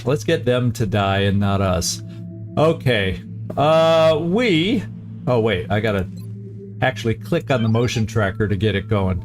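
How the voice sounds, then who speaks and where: A man's voice: fairly low pitch, expressive, unhurried, music in the background. A man hosting a channel who comments on a strategy game, thinking aloud and correcting himself as he plans moves. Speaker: gaming channel host.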